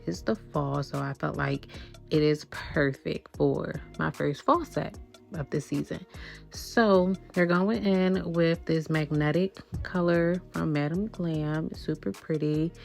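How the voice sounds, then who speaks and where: Low raspy-ish woman doing a chill nail tutorial, bit out of breath, keeps saying y'all. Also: a little mellow. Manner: chatty, addresses viewers as y'all. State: slightly out of breath. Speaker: nail art vlogger. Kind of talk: casual tutorial chat.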